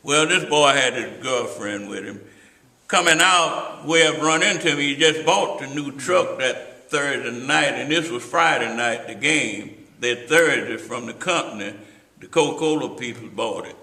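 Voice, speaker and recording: A man's voice: mid-range voice, measured pace, pushed and bright. An older man, telling rambling stories with asides to his listener in an oral history interview. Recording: roomy echo.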